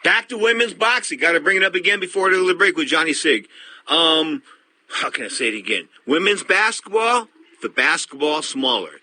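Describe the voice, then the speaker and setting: A man's voice: fairly high pitch, lively intonation, moderate pace, sharp tone, dry recording. A man hosting a sports radio show, talking bluntly and emphatically and repeating his points. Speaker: radio host. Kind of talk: opinionated sports radio talk.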